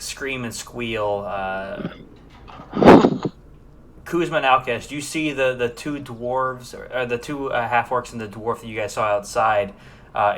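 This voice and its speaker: Bright-voiced male game master. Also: medium pitch, a little hiss or hum. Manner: casual, laughing, loose with many fillers. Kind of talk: narrating a tabletop game.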